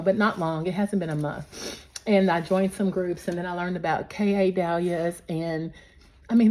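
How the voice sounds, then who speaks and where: Middle-aged lady rambling to her viewers, lots of ums, kinda low voice. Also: a little mellow. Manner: rambling, earnest, many fillers. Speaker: vlogger. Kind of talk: casual chat to viewers.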